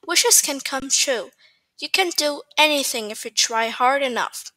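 Gentle encouraging storybook parent, a woman doing it, soft and slow. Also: high voice, lively intonation, heavily acted, low-quality recording. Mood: reassuring.

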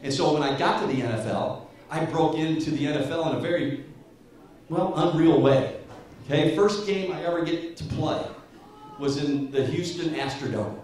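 A man in his fifties tells stories from the stage, lively and chuckling as he goes. His voice rings through a large, echoey hall, picked up from a distance. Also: a little high, moderate pace. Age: 50s. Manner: storytelling, animated, chuckling through anecdotes. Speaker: guest speaker. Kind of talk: motivational speech.

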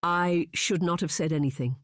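A fretful, kindly gentlewoman urging her friend to move on, as read by an audiobook narrator. Her tone is earnest and coaxing, in a mid-range voice recorded close and dry. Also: mid-range voice, normal speed, no room sound, natural voice. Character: anxious, well-meaning female friend. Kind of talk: audiobook character reading.

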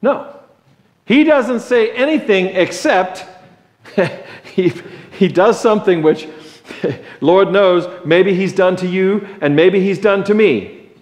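A male preacher giving a sermon in a conversational, joking way, slow and deliberate, in a church. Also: high voice, expressive, darkish tone. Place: church sanctuary. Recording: echoey church sanctuary.

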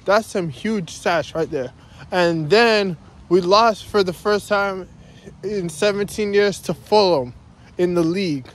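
A man's voice: sits high, slow pace. A man ranting in a casual vlog while walking around his neighborhood outdoors, repeating himself and calling out "guys" again and again. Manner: repetitive, ranting, says "guys" constantly. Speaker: vlogger.

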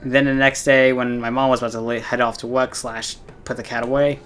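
A man's voice: mid-range voice, flat delivery, a little fast, a bit bright, slight background noise. A young man streaming a game, rambling through a personal story with plenty of fillers and swearing. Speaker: gaming streamer. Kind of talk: casual storytelling while playing a game.

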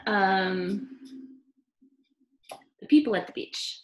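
A woman leading a children's storytime with songs and baby signs, talking in a slow, sing-song, encouraging way. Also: mid-range voice, expressive, vocal fry, fairly bright tone, reverberant, rough recording.

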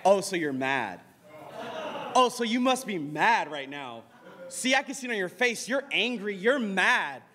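A man's voice: high voice, lively intonation, moderate pace, sharp tone, long reverb tail. A taunting kid sister, as a preacher puts her on. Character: teasing little sister, taunting, playful.

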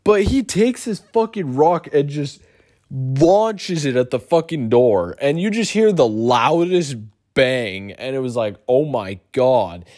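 A young man telling a profane, animated storytime for his YouTube channel. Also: takes it slowly. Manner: profane, animated storytelling with big pitch swings. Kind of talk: storytime vlog.

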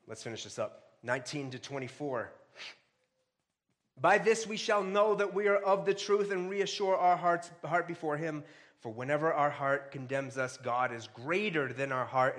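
A man preaching a sermon, reading scripture aloud and breaking into casual jokes and sudden loud, rising exhortations. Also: on the high side. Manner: reads scripture aloud between asides. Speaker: pastor.

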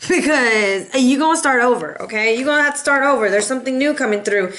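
A chatty woman reads tarot cards for her viewers in a sassy, familiar way, tossing in "boo" and "y'all". Her voice sits fairly high for a woman. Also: quick pace, fairly bright tone. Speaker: tarot reader. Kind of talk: casual tarot reading.

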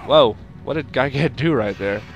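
A young man doing casual let's play commentary, tired and yawning, reacting loudly with grunts and battle cries as he fights. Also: medium pitch, moderate pace, lo-fi sound, faint music behind. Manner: excitable, shouts attack noises and groans at the game. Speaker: gaming YouTuber.

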